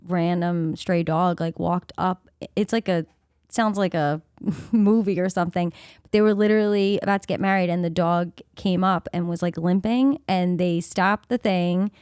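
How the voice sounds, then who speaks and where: A woman's voice: on the low side, steady tone, moderate pace, darkish tone, clean tone, no room sound, clean studio sound. A woman co-hosting a podcast, telling a childhood story in casual chat, acting out the voices of people in it and laughing often. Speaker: podcast co-host.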